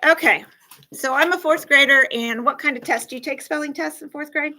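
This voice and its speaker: Woman, classroom counselor type, bright and higher-pitched, animated, acts things out for kids. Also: brisk, rough recording. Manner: animated, acts out scenarios, asks the class questions. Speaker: school counselor teaching a class. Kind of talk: classroom lesson to fourth graders.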